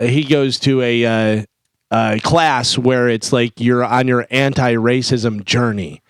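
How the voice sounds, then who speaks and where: A man chatting on a morning radio show, retelling what he watched and slipping into quoted voices. His voice is smooth and resonant at an average pitch. The studio sound is dry and close. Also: unhurried, no room sound. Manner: animated storyteller acting out quotes. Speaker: radio co-host. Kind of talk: casual radio banter. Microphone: studio mic.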